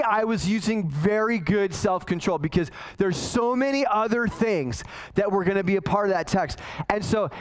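A man's voice: high voice, low-quality recording. A man in his forties preaching a conversational sermon, telling a self-deprecating family story with frequent restarts. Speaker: pastor.

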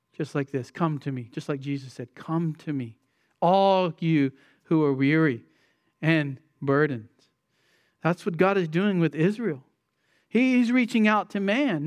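A pastor delivers an expository sermon in a fairly high male voice. He preaches emphatically, rising and falling sharply and slowing to hammer home key words. The recording is dry and close. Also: clear, resonant tone, no echo. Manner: emphatic preaching with sweeping shifts in pitch and loudness.

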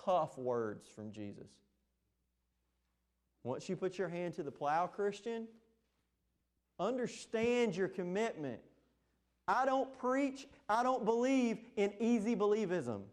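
A man's voice: sits high, animated, takes it slowly, pauses often, darkish tone. A man, preaching a sermon in an impassioned, emphatic way. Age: 20s. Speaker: pastor.

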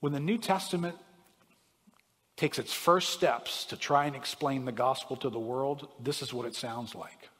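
A man preaching a sermon, reading scripture with emphatic swells and dropping to quiet asides, often checking in with "right?". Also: mid-range voice, moderate pace, slightly rough, in a large hall. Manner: preaching with emphatic rising and falling delivery, frequent "right?". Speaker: pastor.

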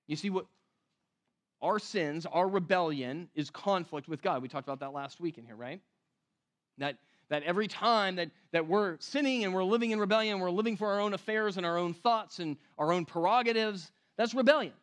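A man preaching a sermon in a conversational way, often asking the room questions and slowing down to stress key words. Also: high-pitched, a bit bright. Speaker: pastor.

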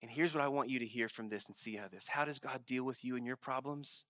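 A man preaching a sermon as a pastor. He swings from hushed, intimate asides to loud, emphatic exclamations, and he voices God's questions in a pleading, exasperated tone. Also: medium pitch, fast, dry recording, studio quality.

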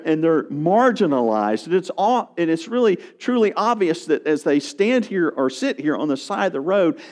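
A man preaching a sermon, telling stories and acting out the voices in them. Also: high-pitched. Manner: animated preaching, acts out voices of beggars. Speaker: pastor.

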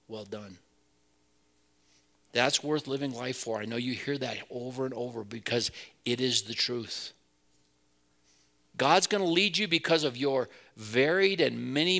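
A man's voice: mid-range voice, sharp tone. A man preaching a sermon as pastor, earnest and building to emphatic peaks.

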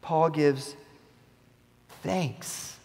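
A male pastor delivers an earnest, conversational sermon. His voice sits a little high with a gravelly edge, and long reverb from the church hall trails after each phrase. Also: extremely slow, a little mellow. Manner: earnest, conversational preaching with rising emphatic quotes. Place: church sanctuary.

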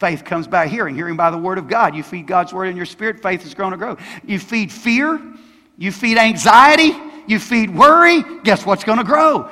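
High-voiced older man preaching a sermon. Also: normal speed, sharp tone. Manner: emphatic, asks the congregation questions. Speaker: pastor. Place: church sanctuary. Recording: long hall reverb in a church.

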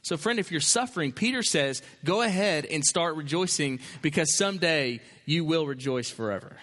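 A man's voice: on the high side, fairly bright tone, long reverb tail. A male pastor preaching a sermon, emphatic, with repeated phrases and rhetorical questions.

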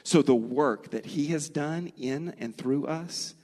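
A middle-aged man preaching a sermon, earnest and storytelling, slowing and speeding up for emphasis. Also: on the high side, warm tone. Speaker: pastor. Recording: long reverb of a large hall.

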